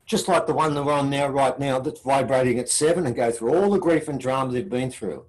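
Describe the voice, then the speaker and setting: An Australian man giving a conference talk, telling a story and acting out the dialogue in it. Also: low-quality recording. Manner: acts out quoted dialogue with shifting pitch. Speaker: conference speaker.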